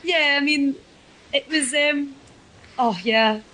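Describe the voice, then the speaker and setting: A woman's voice: sits high, takes it slowly, bright, forceful tone, rough recording. A Scottish woman, a wrestler guest, chatting casually and self-deprecatingly in a podcast interview. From Scotland.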